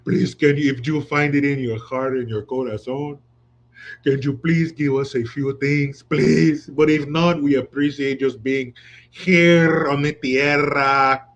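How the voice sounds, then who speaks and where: A man's voice: mid-range voice, fairly even intonation, a little slow, dull audio, lightly acted. A man putting on the voice of a meek, pleading migrant in exaggerated mockery. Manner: whiny, begging, exaggerated mockery.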